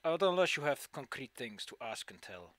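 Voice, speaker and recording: A man voicing an aloof, cryptic quest-giver who talks in a slow, mysterious and dismissive way. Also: medium pitch, sing-song, a bit bright, dry recording.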